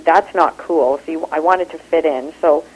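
A woman with a Canadian accent talks in an interview, animated and expressive. Her voice sits low. The sound is thin, like a phone line. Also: moderate pace, breathy edge. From Kenya. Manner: animated, expressive, laughs easily. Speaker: actor and improv teacher. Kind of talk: interview conversation.

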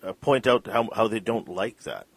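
Husky male interviewer, low voice. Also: lively intonation, normal speed, dry recording. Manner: restarts, repeats words, inquisitive. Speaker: interviewer host. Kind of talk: interview conversation.

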